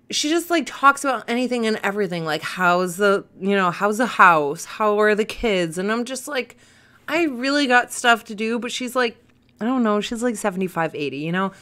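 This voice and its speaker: Brief: young woman, podcast host, bright forceful voice, loose rambling chat. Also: medium pitch. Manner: chatty, rambling, quick to laugh. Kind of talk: casual chat.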